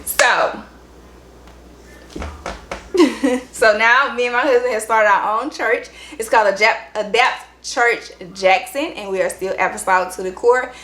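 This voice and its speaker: A woman's voice: mid-range voice, a little slow, fairly bright tone, a little hiss or hum. A young woman, chatting upbeat and directly to her viewers in a casual vlog. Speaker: vlogger. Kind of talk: casual chat to camera. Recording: roomy room echo.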